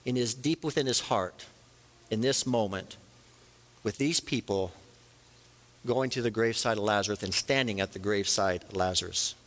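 A man's voice: lowish voice, moderate pace, pauses often, fairly bright tone. A man preaching a sermon as a pastor, earnest, rising and falling for emphasis. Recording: long reverb of a large hall.

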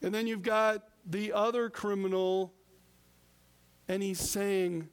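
A man preaching a sermon as pastor, deliberate with emphatic pauses. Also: high voice, fairly even intonation, clear, resonant tone, long reverb tail.

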